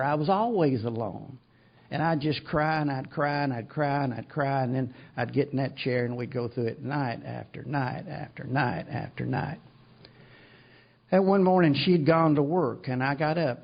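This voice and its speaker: A man's voice: a little high, vocal fry, husky. An older man speaking at a recovery meeting, telling his story in a rambling, self-deprecating way with many restarts. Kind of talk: recovery talk to an audience. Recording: dull lo-fi recording.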